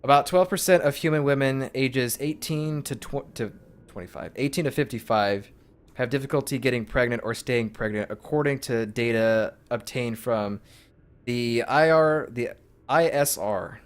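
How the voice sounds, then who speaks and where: A man's voice: medium pitch, moderate pace, clear, resonant tone. A man streaming a game, casually reading its text aloud in his own voice with asides.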